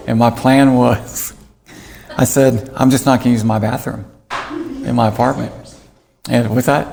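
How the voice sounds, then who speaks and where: A man with a gravelly voice, sitting mid-range in pitch. He tells his story in a candid, self-mocking way, laughing as he goes. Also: darkish tone. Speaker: guest. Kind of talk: storytelling interview.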